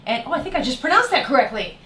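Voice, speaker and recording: A woman's voice: high-pitched, big pitch swings, racing, fairly bright tone, echoey room, a little hiss or hum. A middle-aged American woman hosting a casual livestream chat as a travel show host, rambling with fillers and self-deprecating laughs. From United States.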